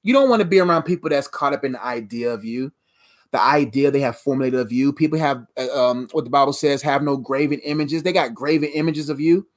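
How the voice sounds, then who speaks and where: A woman's voice: a bass voice, quick pace. A woman giving faith-based motivational preaching straight to camera, emphatic and repetitive in a conversational way, laughing at her own jokes. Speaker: motivational speaker.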